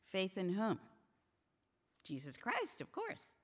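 A woman's voice: medium pitch, huge pitch swings, takes it slowly. A woman teaching a Bible study to a group of women, earnest and emphatic as she preaches. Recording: long hall reverb.

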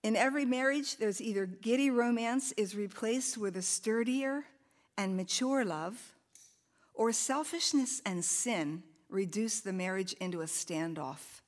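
A woman in her sixties giving a sermon to women, lively and chatty, laughing at her own stories. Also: mid-range voice, unhurried. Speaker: women's ministry speaker.

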